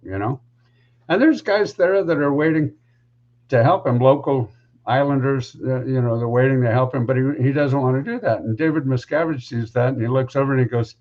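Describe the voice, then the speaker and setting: A man's voice: medium pitch, darkish tone, lo-fi sound. A man who is a podcast guest, telling a story casually and rambling with lots of asides.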